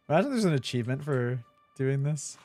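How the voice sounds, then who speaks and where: A man's voice: medium pitch, darkish tone. A young man chatting casually while playing a video game, laughing easily and swearing now and then. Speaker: streamer. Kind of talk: casual let's-play commentary.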